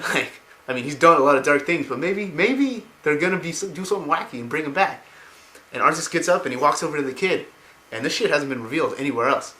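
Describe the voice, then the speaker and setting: A man retelling a story in a casual way, excitedly rambling and swearing as he goes. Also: on the high side. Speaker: lore explainer. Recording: roomy home recording.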